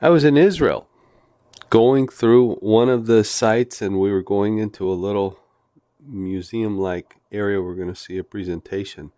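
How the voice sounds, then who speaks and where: A man with a very low voice teaches a devotional Bible lesson. He speaks slowly and deliberately, weaving in folksy, humorous stories from his own life. The sound is dry and close, with no room around it. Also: mellow, no echo. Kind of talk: devotional teaching with personal anecdotes.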